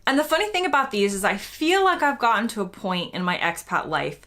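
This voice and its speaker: A woman's voice: medium pitch, very animated, fairly quick, bright, forceful tone. Chatty American woman explaining to camera. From United States. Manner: chatty, self-deprecating, explains with examples. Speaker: YouTuber.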